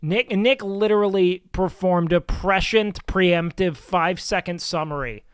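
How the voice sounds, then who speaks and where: A young man streaming, reacting in a loose, profane, excitable way. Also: sits high, measured pace, clean tone, dry recording, clean studio sound. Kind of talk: casual live-stream reaction.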